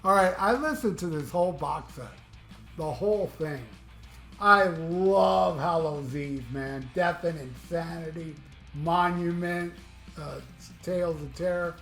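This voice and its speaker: A man's voice: on the high side, a little slow, fairly bright tone. A middle-aged man from Florida, a music vlogger chatting casually about his albums, rambling and enthusiastic, swearing freely. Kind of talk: casual chat. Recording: echoey room with music playing.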